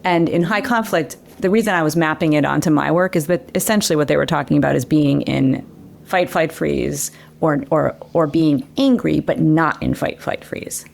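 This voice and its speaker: A woman guest on an interview show, an educator, explaining brain science in a lively conversational way. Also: deep voice, normal speed, vocal fry. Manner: animated explainer who acts out quotes. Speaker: guest educator and former children's TV director.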